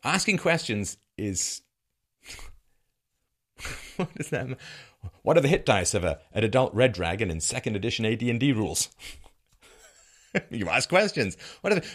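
A middle-aged man delivers a sardonic monologue at a moderate pace, pausing often. He mocks whatever he's criticizing, his pitch swinging lively and breaking into bursts of laughter.

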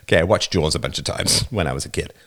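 Deep-voiced man hosting a livestream. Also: quick pace, a bit bright. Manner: emphatic, keeps asking "right?". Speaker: livestream host. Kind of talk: casual livestream monologue. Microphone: new studio microphone.

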